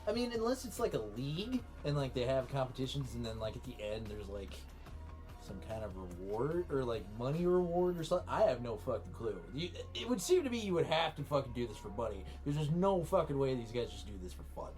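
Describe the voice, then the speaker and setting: A man's voice: medium pitch, fairly quick, soft background music. A man co-hosting a podcast, chatting casually with lots of swearing and restarts. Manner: profane, animated, rambling with restarts. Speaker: podcast co-host. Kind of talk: casual chat.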